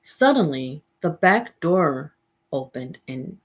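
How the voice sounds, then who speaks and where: A woman reading a memoir aloud in steady first-person storytelling. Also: deep voice, slow pace. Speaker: memoir reader. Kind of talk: audiobook reading.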